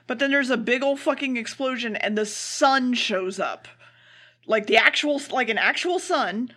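A woman's voice: a little high, pushed and bright. A woman co-hosting a casual anime podcast, summing up episodes bluntly and swearing freely. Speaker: podcast co-host. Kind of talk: casual comedic anime recap.

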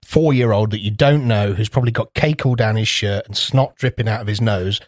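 A man's voice: fairly low pitch, fairly quick, dry recording. Male podcast co-host, sweary storyteller, dry close mic. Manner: swears freely, acts out kids' voices in rambling anecdotes. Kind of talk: casual chat.

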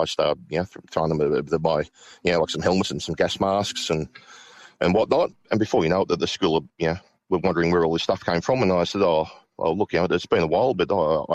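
A middle-aged man recounting a personal ghost story, halting with many restarts and fillers. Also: low-pitched, no echo. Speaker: guest.

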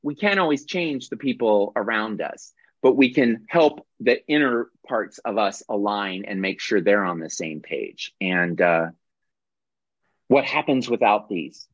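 On dull, dry video-call audio with no echo, a workshop leader speaks in a low-leaning voice with lively intonation and a measured pace. He teaches in a conversational manner, correcting himself as he goes.

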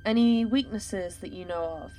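A woman voicing a calm male half-elf mage who speaks in a deadpan way. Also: mid-range voice, normal speed, soft background music, natural voice.

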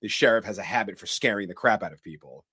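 Low-voiced man recapping a horror film. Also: animated, fast talker, bright, forceful tone, breathy edge, no room sound, studio quality. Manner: narrates scenes dramatically, quoting characters in shifted voices. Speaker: podcast co-host. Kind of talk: movie recap podcast chat.

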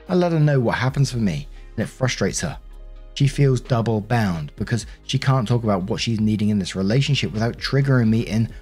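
Husky man narrating a story. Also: fairly low pitch. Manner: steady first-person reading. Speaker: narrator of online stories. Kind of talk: reading a story aloud.

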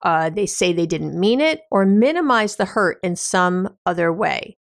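A woman's voice: fairly low pitch, expressive, unhurried, vocal fry, no echo, studio quality. A woman hosting an advice podcast, explaining in a casual, conversational way with everyday examples and frequent fillers. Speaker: podcast host.

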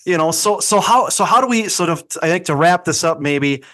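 A man's voice: on the high side, a little fast. A man co-hosting a faith podcast, chatting casually and acting out quoted voices. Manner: animated, acts out quoted voices. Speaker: podcast co-host.

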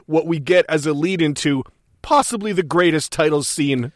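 A man's voice: on the high side, moderate pace, no room sound, studio quality. A male podcast co-host recounting a film scene in casual chat, laughing often and swearing freely. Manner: laughing storyteller, profane.

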